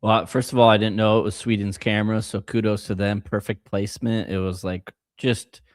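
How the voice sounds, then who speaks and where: Lowish-voiced guy cohosting a podcast, jokey and playful, dry close mic. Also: level tone, a little fast, no room sound. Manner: joking, playful announcer asides. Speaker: podcast co-host. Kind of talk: casual chat.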